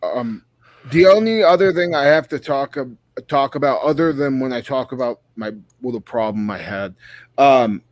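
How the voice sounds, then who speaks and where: A man's voice: medium pitch, expressive, normal speed, no echo. A man co-hosting a horror movie podcast, talking casually and profanely with lots of enthusiasm and restarts. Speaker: podcast co-host.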